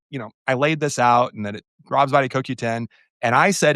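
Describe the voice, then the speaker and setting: A man on a podcast in relaxed conversation. He tells his story with animation and slips into the voices of the people he quotes. His voice sits at a middle pitch and sounds close and dry, with no room echo. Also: brisk. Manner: animated storyteller who acts out quoted exchanges. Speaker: podcast co-host.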